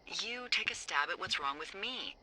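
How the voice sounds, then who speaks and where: An actress playing a wry, teasing lookout supervisor who swears freely, heard over a walkie-talkie radio in a video game. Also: female voice, lowish voice, lively intonation, moderate pace, over a noisy crowd, poor audio. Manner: playful, sarcastic, swears freely.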